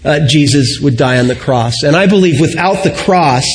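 A middle-aged man preaching a sermon, telling stories reflectively and slowing and softening on key points. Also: on the high side, animated. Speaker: pastor.

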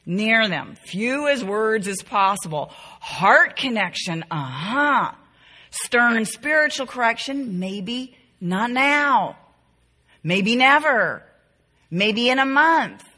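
A woman's voice: fairly high pitch, lively intonation, takes it slowly, sharp tone, slightly rough. A middle-aged woman teaching a Bible class to women, earnest and tender, repeating key phrases to drive them home. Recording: reverberant hall.

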